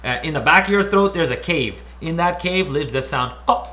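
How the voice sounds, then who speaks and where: A man's voice: fairly high pitch, lively intonation, brisk, hardly any pauses, sharp tone, slight background noise. A man teaching the Arabic alphabet in a playful way, repeating each letter sound and using silly memory tricks. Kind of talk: playful teaching with call-and-response drills. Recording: echoey room.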